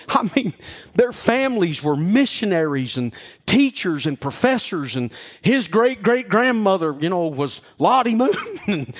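A man preaching a sermon, telling a personal story with animated, stammering restarts. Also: sits high. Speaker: pastor.

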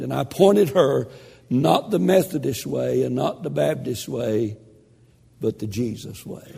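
An older man preaching a sermon, telling a story in a slow, dramatic delivery that drops to a hush. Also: mid-range voice, gravelly, breathy edge, in a large hall.

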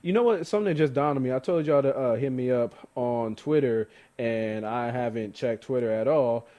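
A young man from Sacramento co-hosting a sports podcast, talking in an animated, laughing way with many restarts. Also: mid-range voice, normal speed, dull audio. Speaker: podcast co-host. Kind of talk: casual sports chat.

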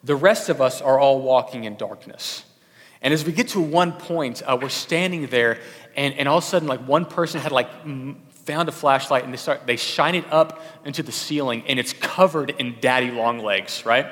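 A man's voice: medium pitch, normal speed, a bit bright. A young adult man preaching a sermon as a pastor, conversational, with many fillers and restarts. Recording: long hall reverb.

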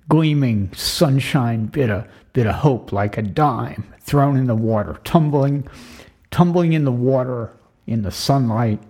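Older man, husky and tearful, voice cracking through an impassioned, repeating rant. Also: medium pitch, a little mellow. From United States. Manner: impassioned, ranting, repetitive. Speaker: retired vlogger. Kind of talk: emotional monologue.

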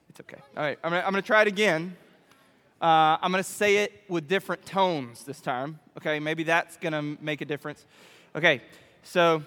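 A man preaching a playful sermon to a youth group, animated and constantly checking in with the room. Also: sits high. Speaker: youth pastor. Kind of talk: playful sermon with audience demo. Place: church hall. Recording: echoey hall reverb.

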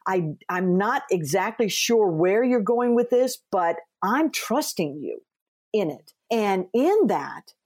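A woman hosting an interview, an author who tells lively stories, acts out quoted dialogue and speaks earnestly from her faith. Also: mid-range voice, slow, slightly rough. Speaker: podcast host and author. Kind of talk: conversational interview.

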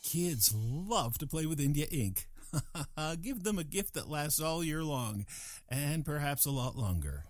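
A man's voice: on the high side, sing-song, measured pace, soft background music. An older man delivering a scripted comic monologue with a dry, wry manner, slipping into playful voices. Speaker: comedic host.

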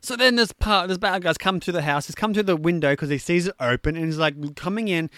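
High-voiced man chatting about a film. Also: brisk, dry recording, clean studio sound. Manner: animated, chatty, jokey storytelling with fillers. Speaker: movie recapper. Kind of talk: casual movie recap.

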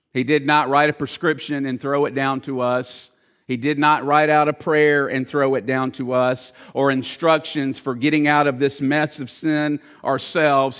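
Male pastor preaching a sermon, earnest and emphatic, fairly high voice, slow unhurried delivery. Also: a bit bright.

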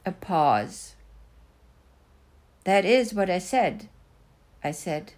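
A woman's voice: on the low side, very animated, drawn-out words, pauses often, darkish tone. A middle-aged woman reading her own first-person memoir with dry, wry storytelling. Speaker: mother narrating a personal story.

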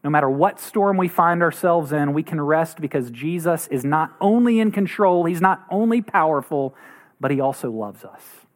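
A man preaching a sermon as pastor, earnest, acting out quoted voices now and then. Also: moderate pace. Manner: earnest, acts out quoted voices with rising pitch.

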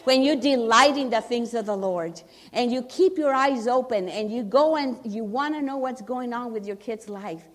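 A woman's voice: fairly high pitch, normal speed, hardly any pauses. A middle-aged woman speaking earnestly as she gives a personal testimony at a church service, often restarting her sentences for emphasis. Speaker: church member giving testimony.

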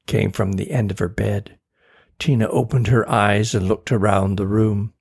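A man reading a children's chapter book aloud in a steady, deliberate way. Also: on the low side, vocal fry, slightly rough. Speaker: narrator.

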